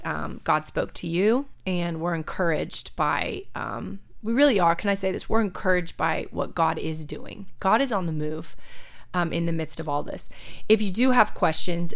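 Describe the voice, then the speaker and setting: Woman, podcast host, young adults pastor, low voice, gravelly, emotional. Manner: warm, tearful, laughing softly. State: emotional, close to tears. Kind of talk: casual podcast conversation.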